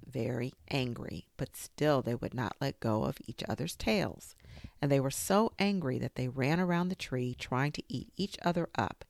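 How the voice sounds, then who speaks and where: Slow low-voiced woman reading a children's story. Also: gravelly, no room sound. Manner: expressive, lilting storytelling.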